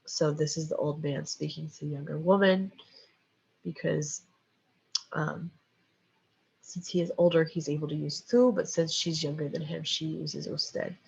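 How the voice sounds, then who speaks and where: A woman teaches a recorded Spanish lesson, slow and patient, often pausing on "okay" and "um". Her voice is gravelly and a touch husky. The recording is dull and lo-fi. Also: deep voice, steady tone, darkish tone. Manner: patient, step-by-step explaining with frequent "okay" and "um". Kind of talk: recorded lecture with slides.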